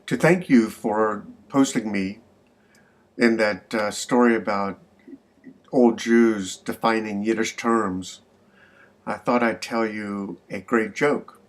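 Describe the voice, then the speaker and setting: A man's voice: lowish voice, steady tone, slow pace. An older man telling a joke in a friendly, folksy way, as a message to a friend. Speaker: joke teller. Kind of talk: casual spoken joke message.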